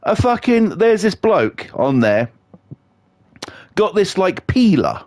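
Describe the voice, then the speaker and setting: A middle-aged British man streaming and ranting through a stream of crude, sarcastic anecdotes. His voice sits a touch high and swings up and down a lot as he tells the stories. The sound is dry and close, with no room around him. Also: big pitch swings, takes it slowly, a little mellow, no echo. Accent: British English. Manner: sweary, sarcastic storytelling. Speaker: livestreamer. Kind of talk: casual ranting chat.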